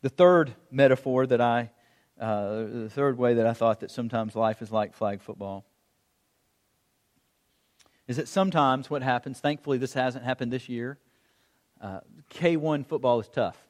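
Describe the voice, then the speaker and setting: A middle-aged man preaching a sermon, telling stories in an animated way and acting out the calls of a coach. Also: mid-range voice, normal speed, pauses often. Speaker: pastor. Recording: long hall reverb.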